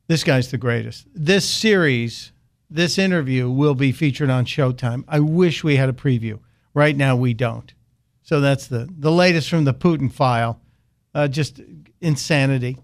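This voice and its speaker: A man's voice: medium pitch, normal speed. A man hosting a talk radio show, delivering sarcastic, mocking commentary into a studio microphone.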